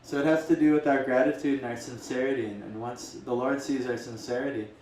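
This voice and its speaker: A man's voice: medium pitch, fairly even intonation, fast talker, a little mellow, slight background noise. Male spiritual teacher, casual rambling storyteller, distant mic, echoey room. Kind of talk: storytelling talk.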